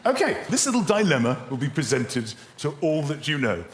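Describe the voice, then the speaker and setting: A man hosting a comedy show, reading texts aloud in an animated, teasing way, often exclaiming. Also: a little high, normal speed, few pauses. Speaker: host. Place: TV studio with live audience. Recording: roomy studio with loud audience laughter.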